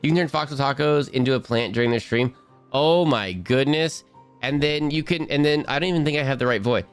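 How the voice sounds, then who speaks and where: A man's voice: mid-range voice, fairly quick, clean tone, soft background music. A man streaming a game live, chatting casually and bubbly, rambling and restarting his sentences.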